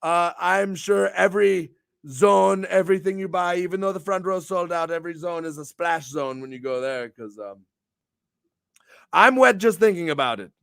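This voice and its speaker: Loud, theatrical high-voiced male streamer. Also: moderate pace, creaky, clear, resonant tone, no echo, clean studio sound. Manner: bombastic, theatrical, swings pitch and volume wildly. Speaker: streamer hosting a morning show. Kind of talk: hyped-up wrestling promo chat.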